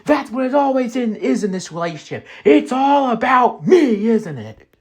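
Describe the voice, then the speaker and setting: A man voicing an arrogant, quick-tempered rich husband in a spoken story, raising his pitch well above his own voice. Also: expressive, natural voice. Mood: furious. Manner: angry, self-pitying outbursts.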